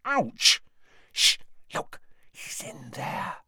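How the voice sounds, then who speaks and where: A man doing fretful teenage Hermione, high. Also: sing-song, a little slow, husky, no room sound, studio quality, heavily acted. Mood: urgent. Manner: urgent, hushed, fretful. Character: anxious clever teenage girl, Hermione.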